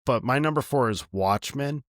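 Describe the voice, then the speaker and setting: A man co-hosting a film podcast in casual chat, animated and laughing often, talking in long run-on thoughts. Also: mid-range voice, normal speed, no room sound, studio quality. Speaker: podcast co-host.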